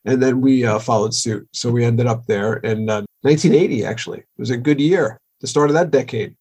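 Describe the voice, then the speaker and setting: A man's voice: medium pitch, brisk, darkish tone, breathy edge. A man, a rock drummer telling stories and joking as a podcast guest. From Long Island, New York. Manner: joking, storytelling, laughs easily. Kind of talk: casual interview chat.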